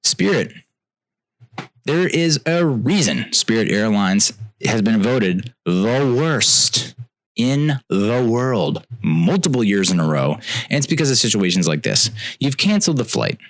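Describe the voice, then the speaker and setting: A young man, telling a comedic story on a podcast with exasperated ranting that swings from loud outbursts to low mutters. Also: very animated, unhurried, dry recording. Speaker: podcast host.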